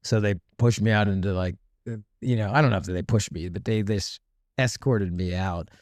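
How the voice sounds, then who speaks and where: A man's voice: fairly low pitch, fairly even intonation, fairly quick, darkish tone, no room sound, studio quality. Rambling, profane middle-aged man storyteller. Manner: rambling, profane, full of fillers and laughter. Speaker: podcast guest. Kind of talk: casual storytelling.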